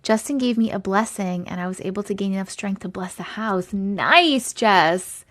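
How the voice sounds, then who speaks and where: A woman from Long Island, New York, hosts a casual TikTok live chat, catching up with viewers and greeting them by name with a rising lilt. She's chatty, with a mid-range, slightly bright voice at a moderate pace.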